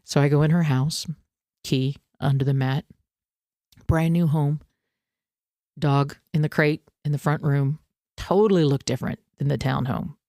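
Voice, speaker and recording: Lively storytelling woman, low dry voice. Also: unhurried, long pauses, no echo. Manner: animated, self-deprecating, acts out her own panic. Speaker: podcast host. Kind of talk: casual personal storytelling.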